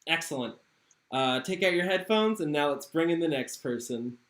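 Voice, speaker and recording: Male game master, slightly high, relaxed, echoey call audio. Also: normal speed. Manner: easygoing, many fillers. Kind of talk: narrating a tabletop game. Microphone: online call.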